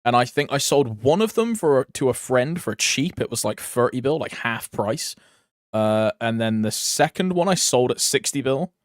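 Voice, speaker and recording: A man's voice: mid-range voice, animated, moderate pace, dry recording, clean studio sound. A young man chatting casually while streaming a game, rambling, laughing often and using crude slang.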